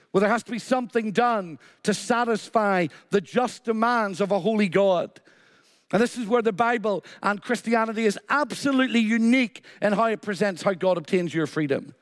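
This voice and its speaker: A man with a voice that sits high preaches a sermon, repeating emphatic phrases and weaving in a short story. The sound is studio quality, with long hall reverb.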